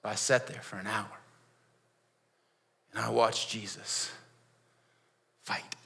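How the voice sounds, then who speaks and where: A man, a pastor, playing Barabbas in a dramatic first-person monologue, dropping to hushed near-whispers and rising to pleading outbursts, with sharp gasps between phrases. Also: fairly low pitch, flat delivery, slow, vocal fry, full character voice. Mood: hushed, grim. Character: Barabbas, a grown man, haunted and shaken.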